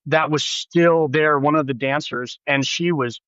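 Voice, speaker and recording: A man in his thirties talks in a fairly high voice, spinning a story in loose, casual chat. His voice leaps up when he acts out what others said. It comes through a remote mic, a little dull and dry. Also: unhurried, clear, resonant tone, dry recording. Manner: animated, acts out quoted voices with big pitch jumps. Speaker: podcast guest.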